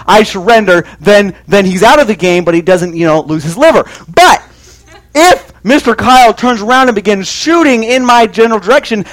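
A man telling a humorous personal story to an audience in an animated, exaggerated comic manner, building toward a lesson. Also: high voice.

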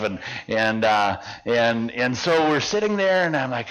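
A man preaching to men, telling a personal story with lively acted-out dialogue and hushed moments. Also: sits high, moderate pace, dull audio. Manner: animated storyteller, acting out dialogue, drops to hushed tones.

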